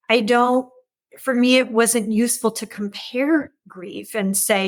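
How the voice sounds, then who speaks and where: A woman's voice: a little high, steady tone, measured pace. A middle-aged woman, a podcast guest, speaking earnestly and candidly about loss, often repeating herself as she searches for words. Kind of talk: candid conversation about grief.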